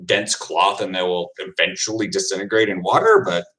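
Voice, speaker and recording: A man who plays football, chatting casually on a livestream and answering viewer comments. He rambles in a relaxed way, with quick asides and frequent laughs. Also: low voice.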